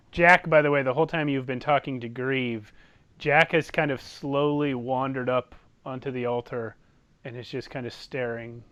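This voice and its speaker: A man's voice: medium pitch, fairly bright tone, lo-fi sound. A man running a tabletop game as game master, narrating in a casual, chuckling way.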